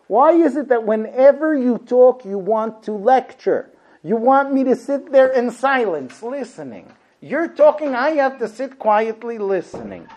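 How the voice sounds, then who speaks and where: A man's voice: lively intonation, a little slow, a little mellow. A man voicing an exasperated wife who complains insistently in a raised voice. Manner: pitched-up, insistent questioning.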